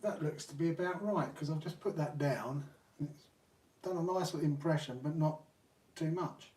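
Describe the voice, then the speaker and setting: A man's voice: a little high, moderate pace, a little mellow. A man hosting a live hobby stream, chatting casually to viewers while he works on a repair. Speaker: RC hobby channel host. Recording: roomy, distant mic.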